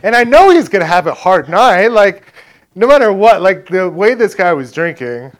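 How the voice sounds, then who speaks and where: A man's voice: high voice, big pitch swings. A man telling a personal faith testimony in a casual, chatty way, full of "like" and "right?" and acting out what others said. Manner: acts out others' lines in quick back-and-forth. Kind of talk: casual spoken storytelling.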